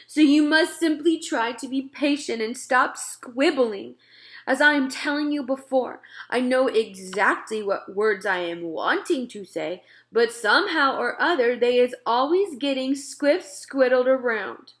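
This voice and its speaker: Woman playing a big friendly giant, storybook read-aloud, slow, loud, drawn-out words, fairly high voice. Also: expressive. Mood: wistful. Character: big friendly male giant, old, kind, jumbled speech.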